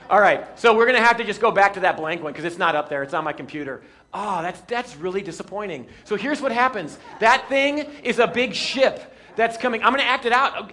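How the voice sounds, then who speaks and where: A male pastor preaching a sermon with a bright, high-pitched voice. He keeps the congregation amused with jokes and acts out scenes as he goes. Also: fairly quick. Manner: lively, joking, acts out scenes.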